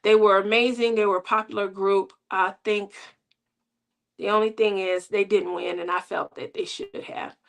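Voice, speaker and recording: A woman's voice: mid-range voice, fairly even intonation, normal speed, gravelly. A middle-aged woman hosting a crafting channel, chatting casually with viewers in a rambling way and laughing often.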